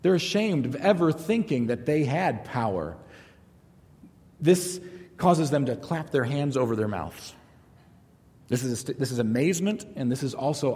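A middle-aged man teaching a Bible study in a conversational style, telling stories and jokes along the way. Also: mid-range voice. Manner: conversational, animated storytelling with jokes. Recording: long hall reverb.

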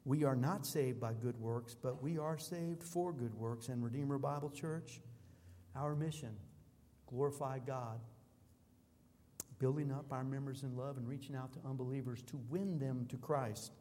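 A man's voice: medium pitch, measured pace, dark tone, a little hiss or hum. A man preaching a sermon as a pastor, emphatic and declamatory, building through rhythmic repetitions. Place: church sanctuary. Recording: long reverb of a large hall.

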